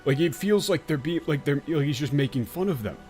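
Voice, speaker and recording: A man's voice: fairly high pitch, animated, a little fast, a little mellow, soft background music. Profane, emphatic game streamer man. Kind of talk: let's play commentary.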